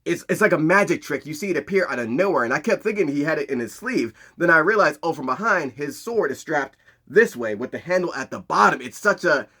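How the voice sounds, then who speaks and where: A man giving a casual movie recap in animated, slangy storytelling. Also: a little high, fairly quick, breathy edge. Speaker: movie commentator.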